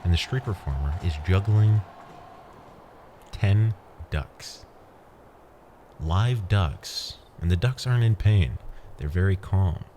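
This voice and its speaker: This man's deep voice has lively intonation, yet he speaks slowly with long pauses, and there's background noise behind him. Hosting a podcast, he delivers a casual, playful, rambling monologue that leads the listener through an imagined scene.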